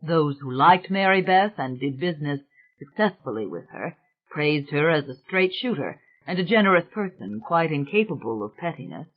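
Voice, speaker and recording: A man narrates an audiobook in a measured, formal way. His voice sits a little high, and the recording sounds narrow and tinny, as if heard over a phone line. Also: very animated. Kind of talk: scripted narration.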